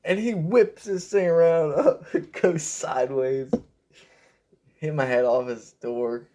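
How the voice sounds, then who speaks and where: A young man rambling through a personal story with lots of fillers, raising his pitch when he quotes people. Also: fairly even intonation, takes it slowly, dark tone. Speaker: vlogger telling a story. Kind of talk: casual storytelling.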